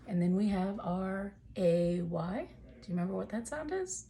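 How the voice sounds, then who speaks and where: A woman's voice: medium pitch, animated, moderate pace, vocal fry, dark tone. A woman teaching a phonics lesson to young children from home, talking in a patient, encouraging way.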